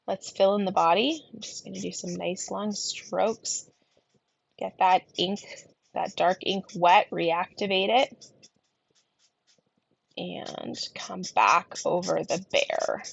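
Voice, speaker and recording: A woman teaching a card-colouring class in casual tutorial narration, her voice gravelly from a lingering cough, often dropping into soft murmurs as she works. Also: lowish voice, no echo, muffled recording. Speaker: card-making instructor.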